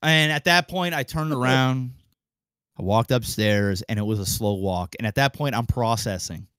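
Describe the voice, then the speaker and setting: A young man on a podcast mic, telling a long story in an animated, casual way, swearing freely and acting out the people in it. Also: mid-range voice, normal speed, smooth, no room sound. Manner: animated, acts out quoted voices, swears freely. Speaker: podcast co-host.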